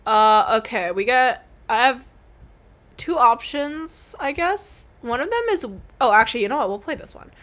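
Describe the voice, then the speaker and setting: A woman's voice: fairly high pitch, animated, moderate pace, fairly bright tone. A young woman streaming a game, talking in a casual, rambling, self-mocking way with some swearing. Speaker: gaming streamer. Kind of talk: casual let's-play commentary.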